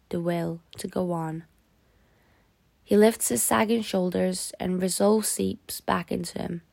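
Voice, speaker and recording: A woman reads a novel aloud in a steady, grave voice with a gravelly texture. The recording is close and dry, with no room sound. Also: mid-range voice, no echo. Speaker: audiobook narrator. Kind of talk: scripted narration.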